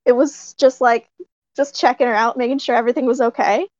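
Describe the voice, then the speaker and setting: Bursting with eager energy, a fairly high-pitched puppeteer shares an informal story full of laughs, ums, and likes. The audio is dry and slightly dull, with no audible room sound.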